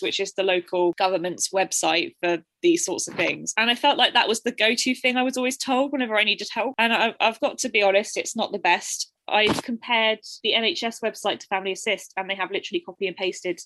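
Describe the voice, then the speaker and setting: A woman's voice: mid-range voice, fairly even intonation, brisk, few pauses, fairly bright tone, no room sound, poor audio. Candid young woman, dry close sound. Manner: open, reflective, often restarts and quotes herself. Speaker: interview guest. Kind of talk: candid personal account.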